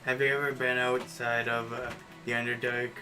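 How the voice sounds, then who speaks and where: A man playing a tabletop game, speaking in a hesitant, halting way. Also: mid-range voice, little pitch movement, pushed and bright, soft background music. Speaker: player. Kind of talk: casual chat at the game table. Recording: distant mic with background noise.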